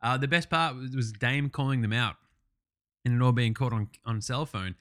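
Profane, excitable man. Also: mid-range voice, moderate pace. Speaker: podcast host. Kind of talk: casual sports recap.

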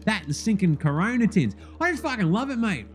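A brash, foul-mouthed Australian bogan bloke, as a man puts him on, loud and rowdy in his talk. His voice sits high and keeps swearing. Faint music runs underneath. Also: very animated, brisk. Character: brash crude Aussie bogan basketballer man.

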